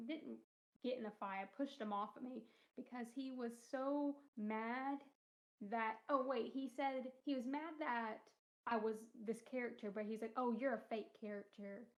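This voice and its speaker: Young woman, podcast co-host, casual chat, gravelly, slightly high voice, animated storyteller, lo-fi sound. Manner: animated storytelling, acts out quoted voices, laughs often. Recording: dull lo-fi podcast audio.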